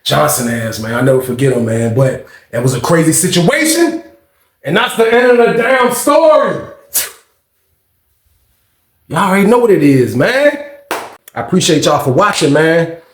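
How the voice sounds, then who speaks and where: A man in his thirties recounts a prison story in a loose, profane, storytelling way. His voice sits a little high and swings widely as he acts out the people in the story. The room around him is echoey. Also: moderate pace, long pauses. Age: 30s. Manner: animated, swearing, acts out shouts and screams of others. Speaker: storyteller host.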